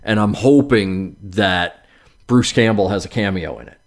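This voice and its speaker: A man's voice: on the low side, a little slow. A man hosting a casual podcast, telling news stories in a loose, swearing, joking way. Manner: swears casually, lively storytelling. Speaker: podcast host. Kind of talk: casual chat.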